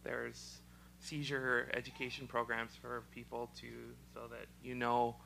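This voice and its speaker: Young man, gravelly choked voice, bright tone, halting with many ums. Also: mid-range voice, completely flat delivery, slight background noise, poor audio. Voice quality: choked, froggy-sounding voice. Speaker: interviewee; special education teacher. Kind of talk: casual personal testimony.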